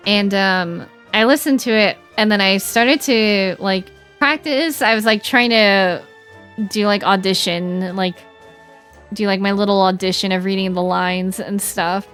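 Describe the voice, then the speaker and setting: A young woman chatting casually while streaming a game, animated and giggly, with lots of "like" fillers. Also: mid-range voice, measured pace, soft background music.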